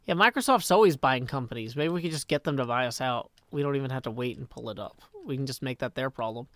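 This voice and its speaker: A man's voice: mid-range voice, quick pace, few pauses, a bit bright, no room sound. Tired man chatting on a live stream. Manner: rambling, self-correcting, thinks aloud. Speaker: Minecraft streamer. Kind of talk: casual live-stream chat.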